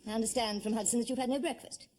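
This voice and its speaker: An actress playing a firm but kindly aristocratic mistress of a household. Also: female voice, a little high, steady tone, very fast, slight background noise, lightly acted. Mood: stern. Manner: authoritative, then gently reassuring. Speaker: lady of the house. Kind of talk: period television drama.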